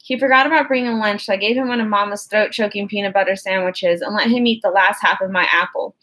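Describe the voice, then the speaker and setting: A woman's voice: mid-range voice, fairly even intonation, quick pace, a bit bright. A woman narrating an audiobook in the first person, with a wry, conversational storytelling manner.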